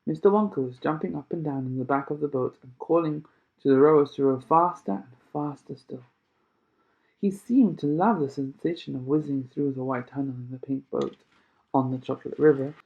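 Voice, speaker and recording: A man reading a children's novel aloud chapter by chapter, with expressive storytelling. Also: fairly high pitch, moderate pace, gravelly. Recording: tinny phone-like sound.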